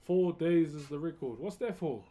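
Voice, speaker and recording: A laid-back man with a New Zealand accent, chatting casually with viewers on a live stream while he carves wood, greeting them by name in relaxed slang. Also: fairly high pitch, moderate pace.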